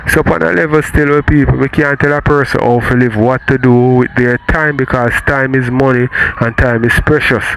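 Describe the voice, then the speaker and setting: A man's voice: medium pitch, steady tone, a little fast, gravelly, few pauses, a bit bright, slight background noise, poor audio. Jamaican man giving casual advice. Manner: checks in with the listener often.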